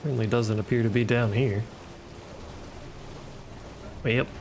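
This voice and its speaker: A gaming streamer offers casual, sarcastic commentary while playing, muttering and cursing at the game. His medium-pitched voice is fairly even, a little slow and mellow, with slight hiss or hum. Game music plays behind him.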